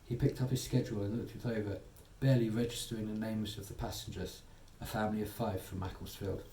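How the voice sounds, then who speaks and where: A man reads a soothing bedtime story in a soft, mellow voice. He sits back from the mic in an echoey room with a faint hum of ambience. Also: on the low side, little pitch movement, fast, distant mic. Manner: soothing, gently voicing characters.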